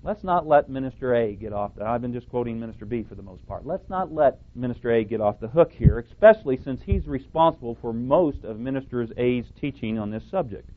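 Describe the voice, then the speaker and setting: A man's voice: mid-range voice, animated, fairly quick, hardly any pauses, a little hiss or hum. A man teaching on scripture, emphatic and at times sarcastic as he quotes and rebuts other ministers. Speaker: preacher. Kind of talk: radio Bible teaching. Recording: tinny phone-like audio.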